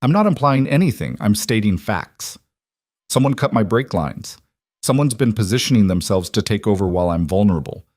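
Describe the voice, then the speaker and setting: A man's voice: on the low side, very animated, a little fast, a little mellow, no echo, clean studio sound. Male narrator as cold mafia boss, controlled, clipped lines.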